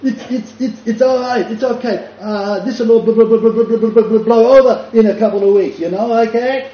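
Man doing a jittery Roman soldier, Italian accent, stammering, pitched high, echoey dull recording. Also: brisk, close to an everyday voice. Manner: stammering, anxious reassurance. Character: nervous trembling male Roman soldier.

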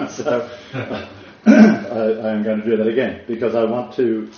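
A man giving a spiritual lecture as a rabbi to a small live group, halting, with frequent fillers and restarts. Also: mid-range voice, expressive, dark tone, slight background noise. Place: room with a small audience. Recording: distant, roomy, dull room recording.

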